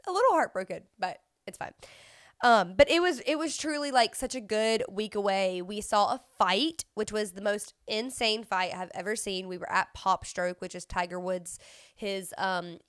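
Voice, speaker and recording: A woman's voice: mid-range voice, a bit bright, clean tone, no echo, studio quality. Chatty young woman with a sniffle. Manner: chatty, sniffly, filler-heavy storytelling. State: runny nose, sniffling. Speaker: podcast host. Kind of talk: casual chat.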